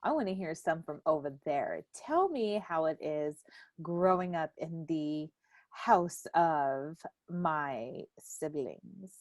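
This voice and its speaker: A young adult woman hosting a casual family podcast chat, an animated storyteller who laughs often and acts out quoted lines loudly. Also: deep voice, takes it slowly, no room sound, clean studio sound. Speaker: podcast host.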